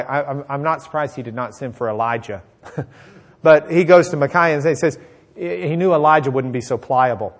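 A man preaching a sermon, retelling a Bible story in a lively way and acting out the characters' lines. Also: on the high side, a little fast.

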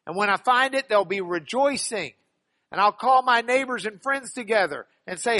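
A man preaching a sermon in church, lively and humorous, acting out the Bible passages he quotes. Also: sits high, moderate pace. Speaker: pastor.

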